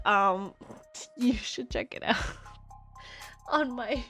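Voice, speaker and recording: A giggly woman streamer chatting with her chat, excitable and self-deprecating. Her voice runs fairly high, with faint music in the background. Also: very slow, long pauses. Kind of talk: casual chat with livestream viewers.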